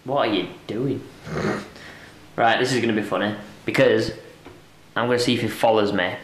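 A man's voice: normal speed, reverberant. Chatty man vlogging at home. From United Kingdom. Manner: chatty, jumps into high excited squeals. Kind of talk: casual home vlog. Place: house.

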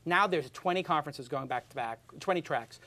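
A man's voice: fairly high pitch, animated, brisk, sharp tone. A male podcast host chatting casually, blunt and opinionated, joking as he goes. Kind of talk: casual chat.

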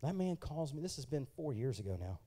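A man preaching a sermon as pastor in a church, moving from quiet, personal testimony to loud, fervent preaching while questioning the congregation. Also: mid-range voice, very animated, brisk.

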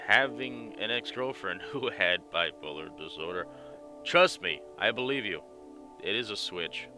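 Deep-voiced man commenting on a game. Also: normal speed, pushed and bright. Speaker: gamer. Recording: game music underneath.

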